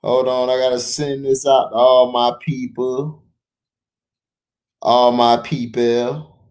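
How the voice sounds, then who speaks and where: Slow-talking man hosting a sports stream. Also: mid-range voice, flat delivery. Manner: loud shout-outs to chat viewers between takes. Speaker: sports talk livestream host. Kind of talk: casual livestream sports talk.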